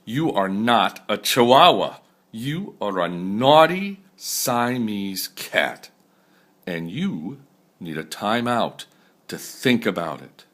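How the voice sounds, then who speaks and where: Older man playing a mother cat, firm, coaxing, slow. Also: lowish voice, sing-song, fairly bright tone, full character voice. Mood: scolding.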